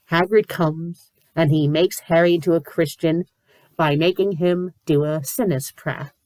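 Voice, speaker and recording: A woman with covid reviewing fanfiction in a comedic, exasperated rant, sometimes breaking into shouts. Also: low voice, fairly even intonation, unhurried, dry recording. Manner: exasperated, ranting, bursts into shouting; says "bloody" often. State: sick with covid, a little loopy.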